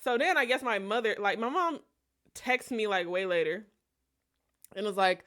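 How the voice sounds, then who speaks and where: A woman streamer telling a personal story in a casual, animated, profane and digressive way. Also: medium pitch, moderate pace, pauses often.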